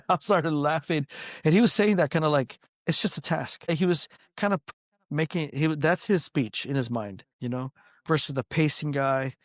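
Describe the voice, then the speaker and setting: A man, a martial arts coach, guest on a podcast, telling stories in a loose, energetic way, swearing casually and acting out what people said. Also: on the high side, moderate pace, no echo, studio quality. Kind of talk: casual storytelling interview.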